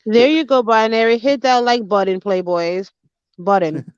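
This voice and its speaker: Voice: medium pitch, fairly even intonation, moderate pace, clean tone, no room sound, muffled recording. A guest joining a casual live stream, teasing the host and laughing often. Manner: teasing, giggly, encouraging.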